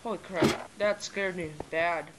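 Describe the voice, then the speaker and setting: A male host giving casual game commentary with friends, excitable and yelling when surprised. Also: high-pitched, a little slow. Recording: noisy home mic with clicks.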